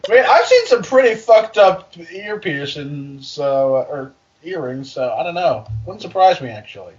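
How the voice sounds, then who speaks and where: A man reading fan fiction aloud for comedy, with joking, deadpan asides. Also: on the high side, normal speed, dull audio.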